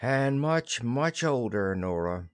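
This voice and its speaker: A man's voice: mid-range voice, animated, takes it slowly, clear, resonant tone, dry recording, clean studio sound. A man reading a timid, dejected widow. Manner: subdued, timid. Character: widow Mrs Lynde, dejected, timid, weary. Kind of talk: audiobook play reading.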